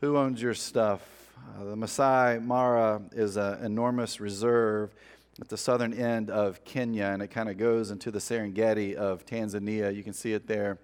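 A man's voice: lowish voice, steady tone, moderate pace, clear, resonant tone. A man preaching a sermon in a conversational way, acting out the lines of a parable as he retells it. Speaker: pastor.

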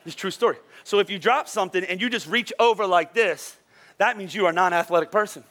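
A man preaching as a pastor, telling a funny personal story in a lively, self-deprecating way before giving sermon points. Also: sits high, fast. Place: church auditorium.

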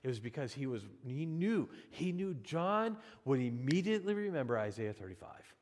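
A pastor preaching in a lively, conversational way, his voice rising and falling often. He restarts phrases as he talks to his congregation. The sound rings with long reverb from a large church hall. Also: mid-range voice, normal speed. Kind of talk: sermon.

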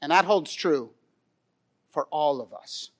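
Man, high voice, sermon, animated storyteller, loud then soft pleading. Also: slow. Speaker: preacher.

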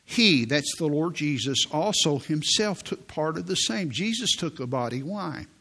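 A man preaching a sermon in a slow, deliberate way, reading scripture aloud and explaining it. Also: a little high, animated, creaky, sharp tone, husky. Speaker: pastor.

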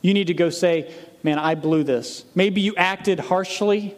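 A male pastor delivering a sermon with a fairly high voice. He speaks earnestly and directly to his congregation, slowing down to read scripture with weight. His voice rings out in a hall with a long, lingering reverb. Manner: reads scripture aloud slowly with emphasis.

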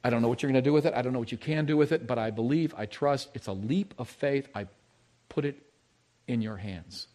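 A male pastor with a medium-pitched voice preaches a little fast, telling a personal story in his sermon. He shifts between loud emphasis and hushed, intimate moments.

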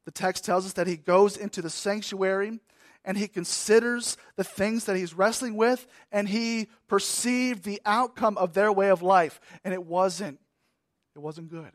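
A man preaching a sermon as pastor, repeating key words and swinging between emphatic raised passages and hushed, trailing phrases. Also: high-pitched, fairly even intonation, moderate pace, no room sound, clean studio sound.

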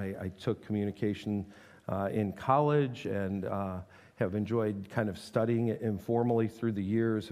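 A man's voice: lowish voice, darkish tone. A man in his forties preaching a conversational sermon in a church, earnest and prone to restarting his sentences. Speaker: pastor. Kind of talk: sermon with prayer. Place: church sanctuary. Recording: long hall reverb.

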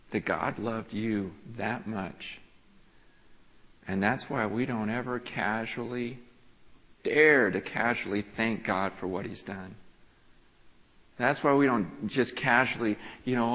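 A male pastor preaching a sermon, moving from hushed reflection to fervent pleading, often restarting phrases. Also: on the low side, fairly even intonation, normal speed. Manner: passionate, builds from hushed to pleading. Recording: dull audio with long hall reverb.

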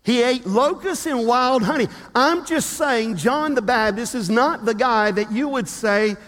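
A man preaching a sermon as a pastor, telling a story in a lively way with humorous asides. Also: very high voice, unhurried. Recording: long reverb of a large hall.

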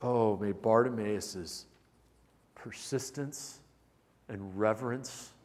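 A man preaching a sermon as a pastor, animated, shifting between loud emphatic bursts and soft, intimate passages. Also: lowish voice, takes it slowly, in a large hall.

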